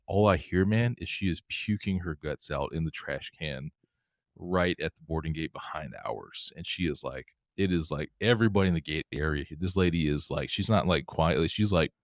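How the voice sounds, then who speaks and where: Podcast co-host, middle-aged man, low voice, quick animated storyteller, dry close mic. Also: no room sound. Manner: animated, laughing, acts out quotes. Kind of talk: casual storytelling chat.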